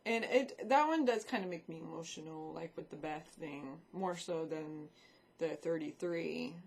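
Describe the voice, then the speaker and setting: A woman's voice: sits low, unhurried, darkish tone. A woman vlogging in a casual, rambling chat about films and shows she watched, swearing freely as she talks into a desk microphone.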